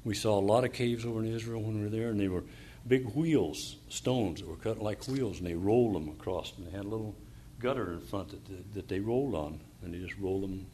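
During a sermon, a man reads scripture and explains it, often pausing to use fillers or restart, then building into fervent emphasis. His voice is on the low side and mellow, with a little hiss or hum in the audio.

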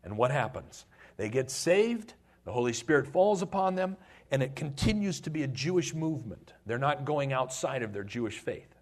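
Man, middle-aged, pastor; husky, lively sermon storytelling with put-on voices. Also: mid-range voice, normal speed.

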